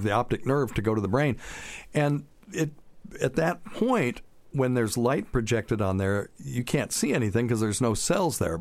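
A man's voice: mid-range voice, darkish tone, no room sound. A man who is a physician, hosting a casual talk show and explaining medical things in a frank, joking way. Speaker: physician podcast host.

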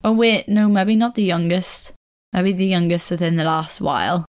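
A woman's voice: lowish voice, normal speed, clean tone. A young woman hosting a casual solo podcast, chatty and rambling, often correcting herself and laughing. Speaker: podcast host.

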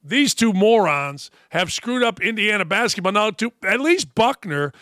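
A man's voice: high voice, normal speed, dry recording. A man hosting a sports talk show, delivering a brash, mocking monologue of opinionated commentary from a studio. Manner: brash, mocking, animated rants.

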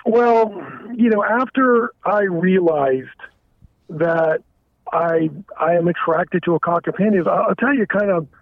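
A man calling in to a show, talking candidly and haltingly, often stammering and restarting his sentences. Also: sits high, no room sound. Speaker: caller. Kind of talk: candid confessional phone call. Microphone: telephone. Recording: tinny dry phone line.

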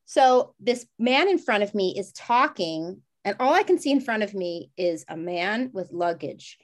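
A woman in her forties co-hosting a podcast, telling a personal story in a rambling, animated way and acting out quoted voices. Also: unhurried. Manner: animated, acts out quoted voices with big pitch jumps; rambling with frequent restarts and "like". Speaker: podcast co-host. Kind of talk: casual chat, personal storytelling.

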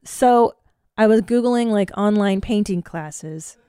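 A woman in her forties hosting a podcast, chatting casually and telling stories in a profane, self-mocking, animated way. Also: medium pitch, slow pace, smooth, no room sound. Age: 40s. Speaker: podcast host. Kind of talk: casual solo chat.

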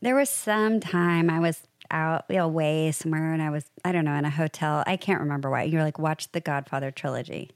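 A woman in casual chat, telling stories in an animated, rambling way. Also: sits low, fairly quick, hardly any pauses, clean tone, no echo, studio quality.

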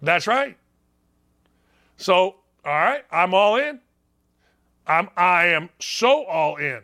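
A middle-aged man running a sports talk show, his voice pitched high and cutting with a sharp, bright edge. He talks in a brash, mocking way and keeps circling back to the same jabs. Opinionated sports talk from start to finish. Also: big pitch swings, slow pace. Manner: brash and mocking, repeats punchlines.

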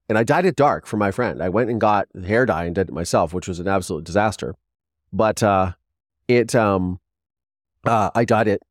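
A man in his forties, a podcast host, telling a casual rambling story with quick restarts and lively quoted voices. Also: on the low side, dry recording, studio quality.

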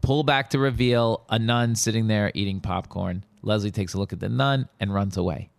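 A man with a smooth, resonant voice tells a story in casual chat. The sound is dry and close, with no room around it. He stays animated and lifts his voice when he quotes people. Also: fairly low pitch, moderate pace, dry recording. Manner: animated storyteller, quoting others in raised voice.

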